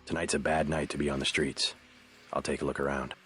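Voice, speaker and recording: A man's voice: extremely low pitch, little pitch movement, brisk, a bit bright, soft background music. An actor playing a terse, guarded male agent in a video game, speaking in short, clipped lines. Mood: flat. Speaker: game character, special agent.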